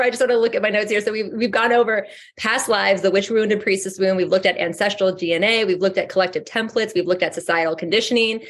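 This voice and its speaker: A woman's voice: medium pitch, steady tone, fast, hardly any pauses. A woman guest talking casually about spiritual growth, frank and swearing freely, acting out inner voices as she goes. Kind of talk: casual spiritual coaching talk.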